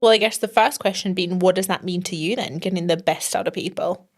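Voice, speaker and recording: A woman's voice: on the low side, fairly quick. Playful, teasing woman co-hosting a podcast. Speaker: podcast co-host. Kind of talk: casual podcast chat.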